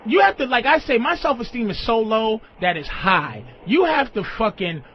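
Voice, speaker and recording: A male radio host delivers a blunt, profane rant, his voice sitting unusually high and swinging widely up and down. The recording is dull and lo-fi, with faint noise behind him. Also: big pitch swings, normal speed. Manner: blunt, profane, emphatic ranting. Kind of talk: radio talk show rant.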